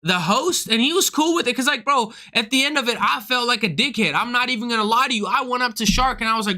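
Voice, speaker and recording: Speaking quickly with hardly any pauses, a young man with a very high voice streams from his home setup. He recounts a story casually and profanely, sounding incredulous and animated as he plays both parts.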